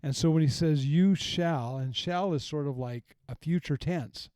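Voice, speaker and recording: A middle-aged man, a pastor hosting a podcast, teaching earnestly and reflectively in a relaxed conversation, often restarting his sentences. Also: on the high side, a little slow, smooth, no room sound. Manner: earnest, reflective, with frequent restarts and retold quotes.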